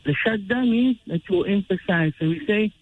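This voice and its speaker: A man teaching Quran recitation rules, explaining slowly and chanting drawn-out example verses. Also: high voice. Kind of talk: tajweed lesson with recited examples. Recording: tinny phone-like radio sound.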